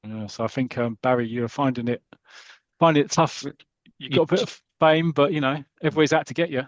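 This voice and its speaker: A man's voice: medium pitch, fairly even intonation, quick pace, no room sound, muffled recording. A man hosting a podcast, chatting enthusiastically and laughing often. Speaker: podcast host. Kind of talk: casual chat, reading comic aloud.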